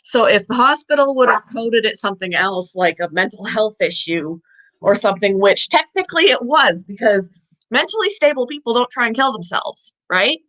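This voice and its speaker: A woman's voice: on the high side, animated, normal speed, a bit bright, low-quality recording. A woman vlogger chatting casually to the camera, telling a long story in a rambling way and sometimes out of breath. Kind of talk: casual chat.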